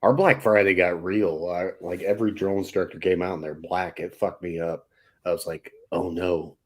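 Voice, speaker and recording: Deep-voiced laid-back Marine veteran. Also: male voice, fairly even intonation, moderate pace. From Nebraska, United States. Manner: laid-back, profane, laughing storyteller. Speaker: podcast guest, Marine veteran. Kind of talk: casual podcast chat.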